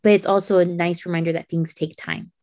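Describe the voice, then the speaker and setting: A woman's voice: fairly low pitch, fairly even intonation, brisk, a little mellow, no echo, studio quality. A woman who homeschools her children, talking earnestly as a podcast guest and repeating phrases for emphasis. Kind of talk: casual podcast chat.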